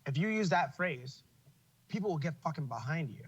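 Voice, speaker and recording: A man talking in a casual podcast chat, opinionated and profane, often breaking into laughter mid-story. His voice sits a bit high for a man. The sound is dull and lo-fi. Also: animated, moderate pace, husky. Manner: profane, opinionated, laughs while telling stories. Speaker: podcast host.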